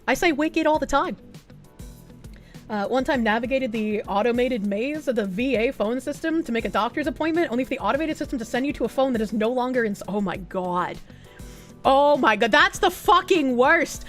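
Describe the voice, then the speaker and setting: Animated high-voiced woman with a Boston accent. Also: a little fast. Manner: animated, swearing, laughing, bursts into loud put-on yells. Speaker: streamer reading chat messages. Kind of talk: casual livestream chat. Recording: faint music behind.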